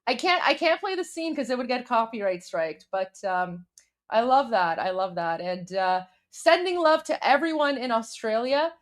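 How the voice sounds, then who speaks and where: A woman's voice: fairly high pitch, expressive, moderate pace. A young adult woman hosting a live stream, chatting casually with viewers and commenting on news, with many fillers and restarts. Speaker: livestream host.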